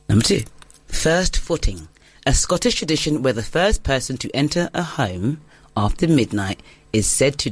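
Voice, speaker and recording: A woman's voice: rumbling low, no echo. Giggly woman hosting a quiz. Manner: giggly, chatty, self-deprecating. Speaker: quiz host. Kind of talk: casual game-show chat.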